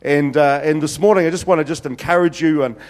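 A man's voice: fairly high pitch, fast talker. A man preaching a sermon, telling funny stories in a chatty way with many restarts and fillers. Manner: chatty, jokey, many restarts and "you know"s. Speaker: pastor. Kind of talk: humorous sermon storytelling. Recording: reverberant hall.

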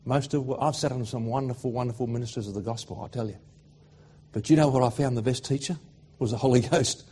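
Australian man, middle-aged preacher, husky voice, fervent then hushed sermon delivery. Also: mid-range voice, fairly even intonation, fast talker. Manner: swings from loud fervent declarations to hushed emotional storytelling.

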